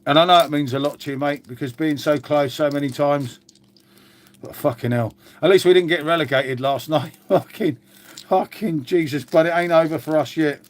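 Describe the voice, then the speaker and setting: Brief: man, casual live-stream host, gutted and sweary, voice sits a touch high. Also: normal speed. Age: older. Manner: glum, swears often, addresses viewers as mate. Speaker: channel host. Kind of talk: casual live chat to viewers.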